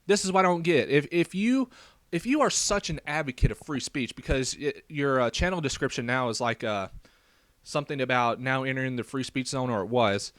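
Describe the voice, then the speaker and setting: This young man talks a little fast in a mid-range, slightly bright voice, recorded with no echo. A YouTube vlogger with a faint rural Southern American accent, he gives a rambling, hesitant response video full of fillers and restarts.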